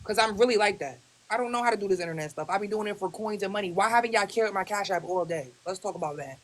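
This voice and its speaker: A woman's voice: medium pitch, fast. A woman chatting on a TikTok live stream, blunt and full of slang. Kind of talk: casual group chat.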